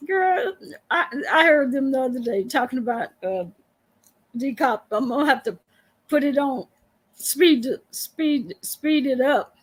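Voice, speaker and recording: A Texan woman hosts a casual live stream, answering viewer comments. Her high voice swings widely as she talks, slow and drawn out, and she laughs often and trips over repeated words. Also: rough recording. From Texas. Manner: laughs often, drawls, stammers. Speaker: livestream host. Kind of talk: casual livestream chat reading comments.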